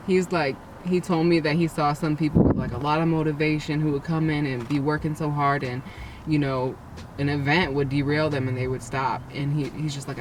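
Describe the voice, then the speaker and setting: A young woman, an interview guest and nursing graduate, telling her story in an animated, emotional way with frequent restarts. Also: low voice, fairly quick, distant mic, heavy background noise.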